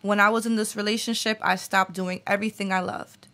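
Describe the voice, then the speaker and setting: A woman's voice: mid-range voice, fairly even intonation, a little fast, sharp tone. A woman in her late twenties, a guest author and poet, talking earnestly in an interview and reading her spoken-word poetry. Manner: earnest and reflective, frequent fillers.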